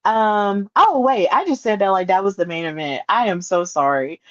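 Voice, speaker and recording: A woman hosting a solo podcast, retelling events in an excitable, animated way with playful asides. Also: medium pitch, normal speed, dry recording, lo-fi sound. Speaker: podcast host.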